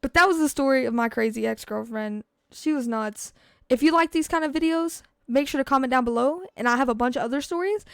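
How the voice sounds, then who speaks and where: A high-voiced teen narrates a storytime over gameplay, rambling through fillers and putting on little voices for quotes. The sound is dry and close, as if from a desk mic. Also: fairly quick, creaky, fairly bright tone, clear, resonant tone, no room sound. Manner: chatty, filler-heavy, acts out quoted lines. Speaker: gaming vlogger.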